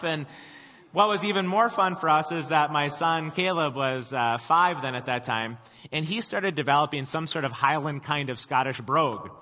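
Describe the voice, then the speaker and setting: A man's voice: on the high side, moderate pace, sharp tone. A middle-aged man preaching a sermon, telling stories in a casual, conversational way with self-deprecating humor. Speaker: pastor. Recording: long hall reverb.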